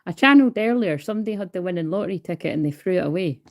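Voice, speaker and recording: A tarot card reader does a casual livestream reading into her phone, talking very fast in a fairly low, animated voice. She's chatty, swears freely, and calls herself hyper.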